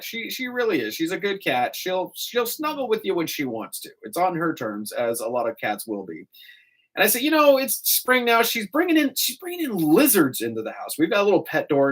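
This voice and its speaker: A man talks through a morning radio show with a lively, swooping pitch. He chats casually and spins stories full of quick asides, speaking into a studio mic. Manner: chatty, animated storyteller with quick asides.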